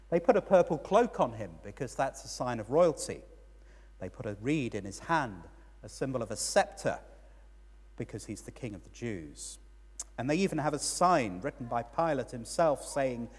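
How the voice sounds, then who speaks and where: A man's voice: mid-range voice, darkish tone, slightly rough. A man giving a sermon as a priest, telling a story with rising and falling emphasis. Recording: long church reverb.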